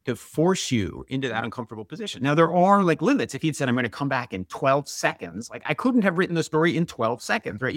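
A man's voice: a little high, no echo, clean studio sound. A man in his forties, a guest and author, telling stories candidly in conversation, with lots of "like" and "right?". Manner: candid, uses many "like" and "right?" fillers. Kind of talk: storytelling in conversation.

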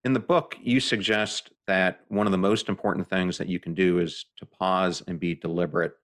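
A man hosting a podcast interview, asking earnest, deliberate questions. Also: deep voice, steady tone. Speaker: podcast host.

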